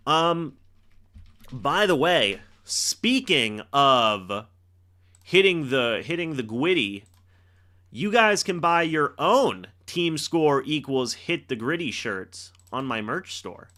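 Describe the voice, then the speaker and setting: A young man hosting a live reaction stream, calling the plays and shouting and teasing players on big moments. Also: on the high side, sing-song, slow. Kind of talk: excited live play-by-play reaction.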